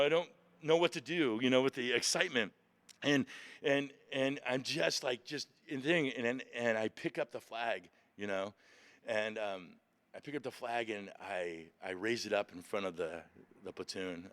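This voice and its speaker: A man's voice: on the low side, normal speed, no echo. Man retelling a boot camp story. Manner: animated retelling, acting out shouted orders. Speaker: podcast guest, Marine veteran. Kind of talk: emotional storytelling. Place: museum.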